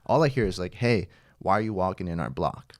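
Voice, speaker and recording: A man, a podcast guest, telling an animated story in casual chat, swearing and laughing along the way. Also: deep voice, fairly quick.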